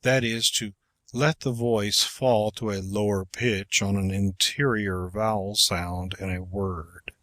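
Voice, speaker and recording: Slow, measured male audiobook narrator. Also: lowish voice, a bit bright, no room sound. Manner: measured, deliberate reading. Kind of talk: scripted narration of an instructional book.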